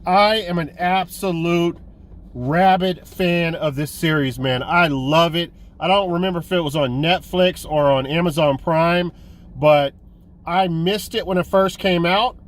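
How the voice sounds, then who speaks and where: Guy rambling excitedly in his vlog, kinda high voice, swears a bit. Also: measured pace. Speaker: host of a physical media collecting vlog. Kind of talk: casual vlog chat.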